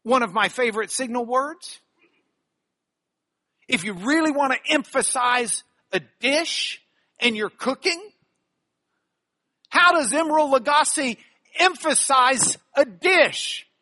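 Animated man teaching a Bible lesson. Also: very high-pitched. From Texas. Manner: animated, emphatic teaching with quick asides.

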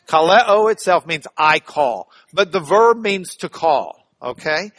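A man's voice: a little high, animated, normal speed, fairly bright tone, no room sound. A man teaching a church Bible class in a playful, joking way, spelling out words.

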